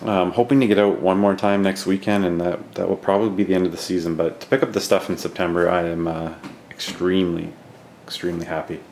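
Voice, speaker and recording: Deep-voiced man quietly rambling through game pickups. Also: fast, slight background noise. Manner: relaxed, rambling, many fillers; keeping his voice down. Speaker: video game collector vlogger. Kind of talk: casual show-and-tell vlog. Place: home at night.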